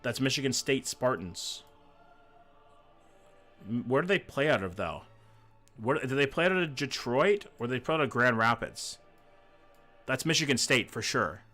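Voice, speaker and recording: A man's voice: mid-range voice, animated, moderate pace, long pauses, bright, forceful tone, faint music behind. A man streaming a geography game, chatting casually and reading chat aloud, swearing freely, a little sick. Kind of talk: casual live-stream chat while gaming.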